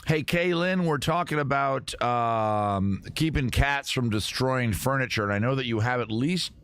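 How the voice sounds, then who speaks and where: A livestream host from Maryland talks a little slowly in a smooth, slightly bright, medium-pitched voice. He rambles and jokes on a casual stream, reading viewer comments aloud and talking with chat and guests.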